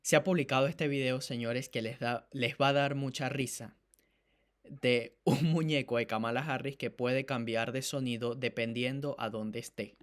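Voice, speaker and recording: 中くらいの高さの声の男性が、ネットのニュース番組の司会として視聴者に直接語りかける。強調しながら話すニュース解説調。. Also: male voice, medium pitch, steady tone, brisk. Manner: addresses viewers directly, emphatic. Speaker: news channel host. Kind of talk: online news commentary.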